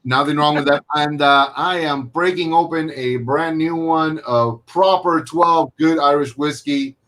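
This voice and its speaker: A man's voice: fairly high pitch, unhurried, fairly bright tone. A man hosting a casual live video-call chat, rambling with frequent fillers and restarts. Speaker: host.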